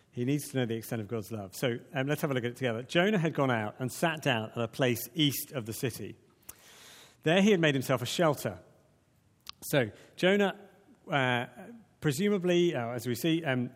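Man preaching in an echoing hall. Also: medium pitch. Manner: conversational, animated, with many restarts. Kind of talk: sermon. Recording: long reverb of a large hall.

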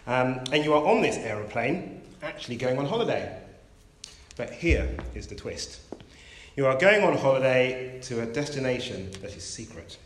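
A man preaching a sermon, telling a story in a measured, gentle way. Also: medium pitch, big pitch swings. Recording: roomy echo.

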